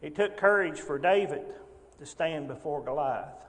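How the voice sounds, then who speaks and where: A man teaching an informal Sunday Bible class, speaking haltingly with frequent restarts and rhetorical tag questions, in a church classroom. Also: fairly high pitch, lively intonation, in a large hall.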